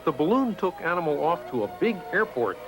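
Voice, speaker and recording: A man reads a children's storybook aloud with a high, bouncing voice that climbs and dips a lot. Soft music plays faintly under his narration. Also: a little fast, poor audio. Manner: animated, expressive storytelling. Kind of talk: scripted read-aloud narration.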